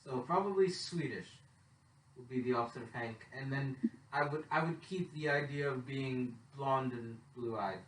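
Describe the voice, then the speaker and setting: A young man from Canada co-hosting a casual podcast, loud and swearing, often breaking into laughter and cutting in. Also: mid-range voice, normal speed, distant mic, slight background noise. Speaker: podcast co-host. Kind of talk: casual chat. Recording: roomy echo, away from the mic.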